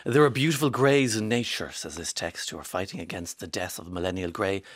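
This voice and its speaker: A man's voice: low voice, no room sound, clean studio sound. An Irish man in his forties hosting a radio show, chatting wryly and reading out listener texts. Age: 40s. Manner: chatty and wry, with quick asides. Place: radio studio.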